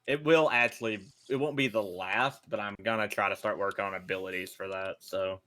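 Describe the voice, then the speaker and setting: A man casually chatting as a player in an online tabletop game, relaxed and a bit unsure. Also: fairly low pitch, a little fast.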